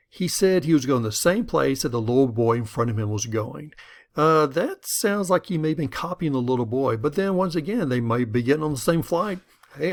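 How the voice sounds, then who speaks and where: Gravelly middle-aged guy teaching a class, chatty storyteller style, mid-pitched voice. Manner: conversational, storytelling, acts out quoted voices. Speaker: instructor. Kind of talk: lecture with an acted-out story.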